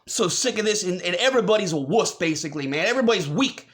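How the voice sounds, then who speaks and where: A man delivering a furious, profane rant, often breaking into shouts. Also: sits high, animated, quick pace. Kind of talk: angry rant.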